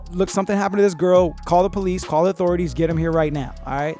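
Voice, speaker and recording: A man hosting a podcast, telling a story in a rambling, profane, animated way and acting out what people said. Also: sits high. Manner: profane, rambling, animated retelling with acted-out quotes. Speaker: podcast host. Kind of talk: casual storytelling.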